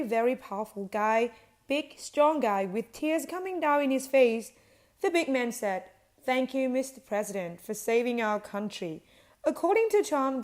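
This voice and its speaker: Woman reading a news article aloud, slightly high. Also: a little mellow. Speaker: news reader.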